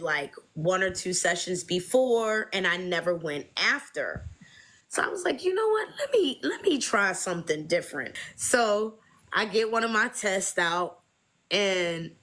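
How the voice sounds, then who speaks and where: A young adult woman tells her story in a loose, casual way. Her voice is bright and crisp, and it jumps up high when she acts out other people's words. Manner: animated, acts out quoted voices in high pitch. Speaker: guest sharing her fertility journey.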